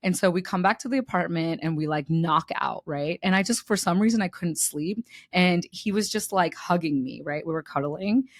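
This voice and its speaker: A woman's voice: fairly low pitch, normal speed, few pauses, dry recording, clean studio sound. Candid young woman telling a dating story. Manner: animated, candid, laughs through the story, swears freely. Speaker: podcast co-host. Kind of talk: casual podcast chat, storytelling.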